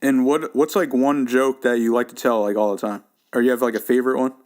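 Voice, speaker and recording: Podcast host, male, quick-talking, eager questions full of fillers. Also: mid-range voice, fairly even intonation, a little mellow. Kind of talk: casual interview.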